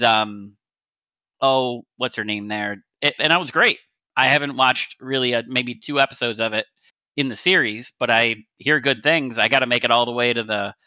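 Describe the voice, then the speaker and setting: Blunt, profane middle-aged man, sharp voice. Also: medium pitch, dry recording. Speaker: podcast co-host. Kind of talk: casual chat. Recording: dull lo-fi mic.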